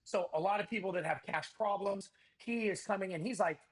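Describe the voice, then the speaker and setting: A man talks as a podcast guest in a casual, energetic interview. His voice sits high, and he pitches with a salesman's drive, acting out bits of dialogue as he goes. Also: a little fast. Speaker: podcast guest, event organizer.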